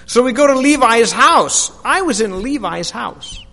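Man, high voice, unhurried, dramatic first-person storytelling, long hall echo. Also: gravelly. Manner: animated storytelling, hushed to shouting.

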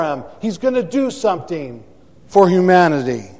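A man's voice: high voice, animated, slow, a little mellow, in a large hall. A man preaching a sermon to a congregation, emphatic and repeating words for effect, recorded in a church sanctuary. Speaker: pastor.

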